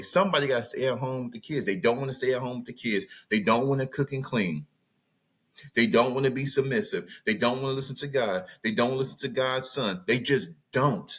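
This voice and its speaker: Man, Southern US accent, podcast host, emphatic, repetitive, preachy rant, mid pitch. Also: fairly bright tone, breathy edge. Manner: emphatic, repetitive, rants with bursts of laughter. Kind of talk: preachy monologue.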